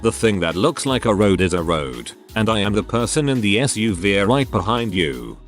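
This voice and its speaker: A man narrating a series of online forum posts in a wry, deadpan way. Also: fairly low pitch, moderate pace, faint music behind. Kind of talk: scripted narration.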